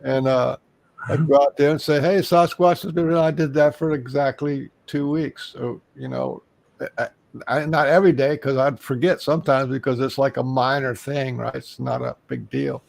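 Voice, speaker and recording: Male guest from Texas, gravelly mid-pitched voice, rambling casual storyteller, dry close sound. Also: normal speed, darkish tone, no echo, poor audio. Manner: rambling, with frequent restarts and fillers.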